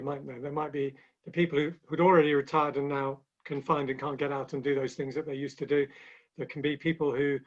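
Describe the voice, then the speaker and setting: A man speaking as a guest in a webinar conversation, telling stories with light humor in a chatty way. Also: fairly high pitch. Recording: dull lo-fi online call audio.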